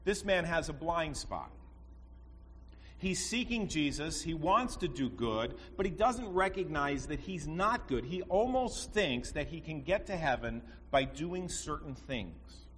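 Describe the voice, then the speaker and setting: Conversational preacher in a reverberant church. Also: male voice, on the high side, sing-song, measured pace, fairly bright tone. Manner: storytelling, conversational with rhetorical asides. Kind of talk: sermon. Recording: long reverb, faint background noise.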